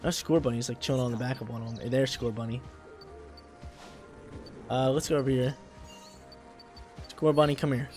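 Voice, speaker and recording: A young man casually commenting while he plays a video game, laid-back and slangy, with sudden loud bursts of excitement. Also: medium pitch, normal speed, long pauses, faint music behind. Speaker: gameplay streamer.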